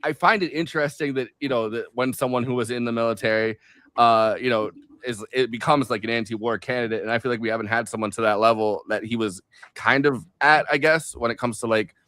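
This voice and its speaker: A man's voice: mid-range voice, a little fast, a bit bright, no room sound. Rambling man on a political stream. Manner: rambling, many fillers and restarts. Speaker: co-host. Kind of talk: casual political chat.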